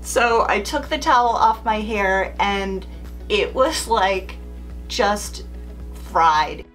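A woman's voice: mid-range voice, takes it slowly, a bit bright, soft background music. A middle-aged woman speaking as a beauty vlogger, telling a story in a chatty, candid way straight to the camera. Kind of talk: casual beauty vlog storytelling.

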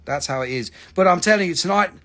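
A man hosting a live-stream crystal sale, who jokes around and swears a lot in quick patter. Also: sits high, lively intonation, sharp tone. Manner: profane, joking, quick patter. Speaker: host selling crystals. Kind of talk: live-stream sales chat.

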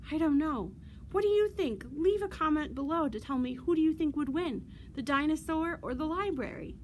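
A woman leading a virtual storytime for children as a librarian, speaking in a slow, singsong, animated way with loud playful roars. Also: high-pitched, slight background noise.

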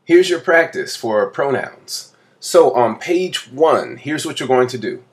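A male teacher giving a slow, patient, step-by-step explanation in a classroom lesson. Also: mid-range voice, very animated. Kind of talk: classroom instruction.

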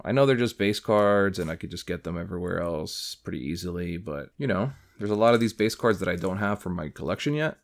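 A young man hosts a card-breaking video in a relaxed, chatty tone. His voice sits a little low for a man. He gets excitable and loud when a rare card turns up. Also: vocal fry. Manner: excitable, bursts into loud disbelief over big pulls. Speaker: card-collecting channel host. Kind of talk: casual pack-opening commentary.

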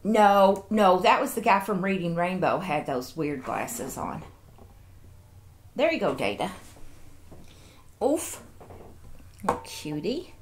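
A woman's voice: fairly low pitch, very animated, slow pace, long pauses, a little hiss or hum. A woman, chatting casually while unboxing toys and cooing over each one. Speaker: toy collector vlogger.

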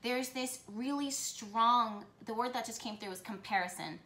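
A woman giving a tarot reading for her channel, talking with excitement and often breaking off to correct herself. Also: on the high side, moderate pace, roomy sound. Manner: excited, rambling, self-correcting. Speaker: tarot reader.

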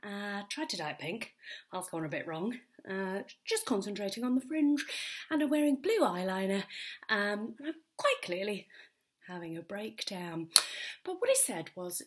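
A woman's voice: medium pitch, very animated, unhurried, long pauses. A woman comedian at home doing a self-mocking, rambling comic monologue full of fillers. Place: home during lockdown.

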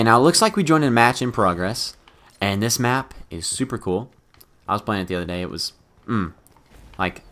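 Excitable young man commentating gameplay. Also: on the low side, slight background noise. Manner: excitable, swings from mutters to loud outbursts. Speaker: gaming YouTuber.

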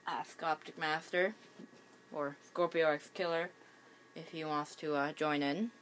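Low voiced gal with hiccups narrating her game at home, lots of ums, stop-start. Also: fairly even intonation, a little slow, slight background noise. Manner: hesitant, many ums and restarts. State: has the hiccups. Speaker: gaming channel host. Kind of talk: casual gameplay commentary.

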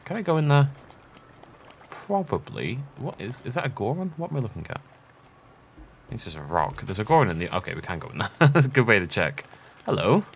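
A man's voice: fairly low pitch, very animated, a little fast, gravelly, a little hiss or hum. A man chatting casually while playing a game, rambling and self-deprecating. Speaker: let's play host. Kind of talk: casual gameplay commentary.

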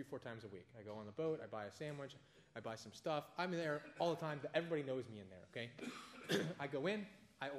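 A man teaching a casual Bible study, conversational and animated, telling everyday anecdotes between points. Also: mid-range voice.

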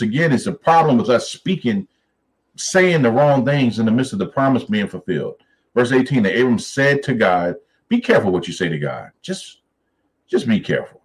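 Male Bible study teacher, lower voice, animated preacherly delivery. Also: poor audio. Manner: animated, preacherly, reads scripture slowly then riffs on it.

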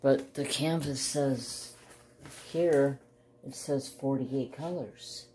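A woman hosting a crafts channel, chatting casually and gushing with excited exclamations as she unboxes a kit. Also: rumbling low, slow, a little hiss or hum. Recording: roomy echo, faint ambience.

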